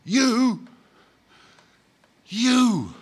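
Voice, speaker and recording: Reading a novel dramatically, a man takes on the role of a resentful former workman's ghost, self-righteous and full of grievance, whose stubborn, indignant speech is blunt and ungrammatical. He pitches this character somewhat higher and pushier than his own voice, animated and fairly bright, yet unhurried.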